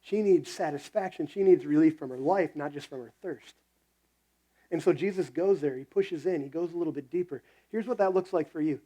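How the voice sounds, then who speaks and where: Male pastor, conversational sermon with quoted voices; warm, slightly high. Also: a little fast, low-quality recording.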